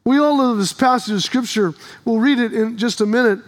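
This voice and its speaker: A man preaching a sermon in a church, telling stories with animation and rising to shouts. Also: extremely high pitch, brisk.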